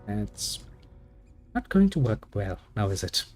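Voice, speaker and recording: A man's voice: lowish voice, big pitch swings, measured pace, a little mellow, soft background music. A man giving sarcastic, muttered commentary while playing a game, swearing freely. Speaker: gameplay commentator. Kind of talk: casual gameplay commentary.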